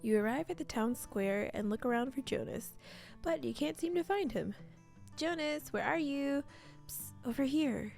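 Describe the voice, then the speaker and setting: A woman hosts a let's play and reads the game's text aloud, adding playful asides between the lines. Her voice sits fairly high with a noticeable gravelly fry. Soft game music plays quietly underneath. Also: animated, moderate pace. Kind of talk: let's play narration of a visual novel.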